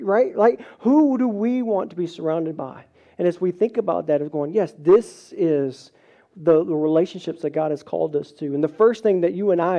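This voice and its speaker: A male pastor preaching a sermon, telling stories with lively acted-out quotes and a pace that speeds up and slows down. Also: high-pitched, muffled recording. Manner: animated storytelling, acts out quoted voices, varied pace.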